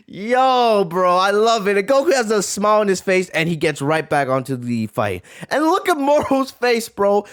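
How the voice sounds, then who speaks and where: A man hosting a live reaction video, giving excitable, slangy commentary. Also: high voice, moderate pace.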